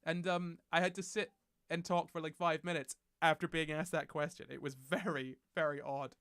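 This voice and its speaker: Bright, high-voiced young man chatting. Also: flat delivery, moderate pace, smooth, dry recording, studio quality. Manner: rambling, chatty, self-correcting with light laughs. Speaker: streamer. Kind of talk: casual livestream chat. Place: at his desk at home. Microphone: desk microphone.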